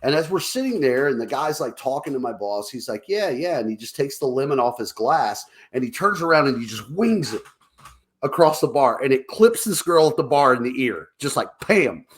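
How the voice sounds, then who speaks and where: A man co-hosting a casual talk show, telling stories over drinks, acting out quotes in higher voices and laughing often. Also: lively intonation, a little fast. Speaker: podcast co-host.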